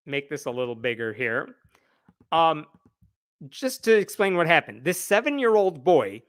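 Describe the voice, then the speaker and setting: A man with a slightly high voice hosts a live news commentary show. He retells the story in a wry, animated way and acts out quotes as he goes. The sound is dry and close, with almost no room echo.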